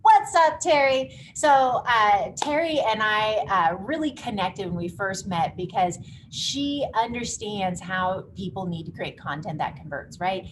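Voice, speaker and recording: Energetic woman coaching a webinar. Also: medium pitch, unhurried, few pauses. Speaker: workshop host. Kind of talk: live online marketing workshop. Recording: noisy background hiss.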